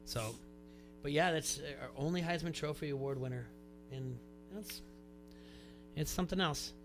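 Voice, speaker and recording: A man's voice: on the high side, normal speed, over music. A man hosting a sports radio show, chatting casually, often restarting his sentences. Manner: rambling, restarts sentences, reads posts aloud.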